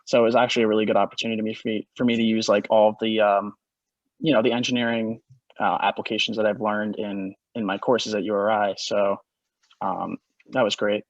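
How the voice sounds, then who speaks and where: A young man, a student presenter, speaking hesitantly with many filler pauses. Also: on the low side, little pitch movement, dry recording. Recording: dry, muffled call audio.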